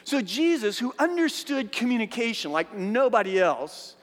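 High-voiced pastor preaching in a reverberant hall. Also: male voice, moderate pace. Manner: animated storytelling, acting out voices of biblical figures; repeats words and restarts often. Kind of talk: sermon.

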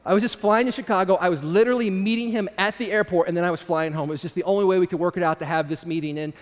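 A man's voice: sits high, fairly even intonation, rapid-fire, big-room sound. A man telling a personal story in a casual, conversational way, turning to the audience with asides. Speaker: speaker addressing an audience. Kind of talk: storytelling sermon.

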